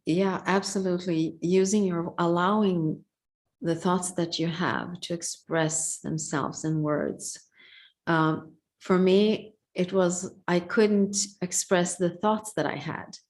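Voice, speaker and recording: Slow, reflective low-voiced woman. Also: fairly even intonation, a little mellow. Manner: reflective, attentive, frequent murmurs of agreement. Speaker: host. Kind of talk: casual conversation.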